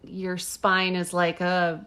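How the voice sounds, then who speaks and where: Bright-voiced chatty woman podcaster. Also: lowish voice, completely flat delivery, slow pace, clear, resonant tone. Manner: chatty, giggly, rambling with fillers. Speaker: podcast co-host. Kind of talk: casual chat.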